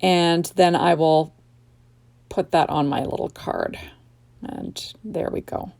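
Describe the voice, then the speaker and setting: A middle-aged woman chatting casually through a card-making tutorial in her home craft room, unhurried and full of fillers and restarts. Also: low-pitched, vocal fry, darkish tone.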